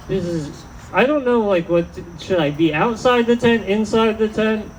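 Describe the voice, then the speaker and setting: Slow, rambling stand-up comic, man. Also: sits high, expressive, slight background noise, poor audio. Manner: rambling, self-deprecating, trails off. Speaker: stand-up comedian. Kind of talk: stand-up comedy set. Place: outdoor tent at a restaurant.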